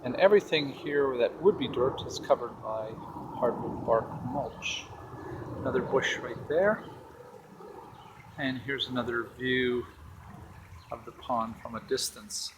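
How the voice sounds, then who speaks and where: A homeowner films a casual walking tour of his backyard garden by a pond, relaxed as he points out rocks and plants. His mid-range voice is unhurried with long pauses, over a noisy background of faint outdoor ambience with birds and a jet.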